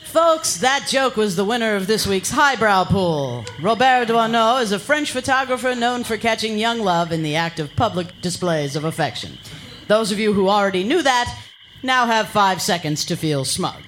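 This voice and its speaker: A man's voice: sits high, animated, moderate pace, a bit bright, faint music behind. A man announcing a radio comedy show, wry and talking straight to listeners. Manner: wry, addresses listeners directly. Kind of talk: comic announcing.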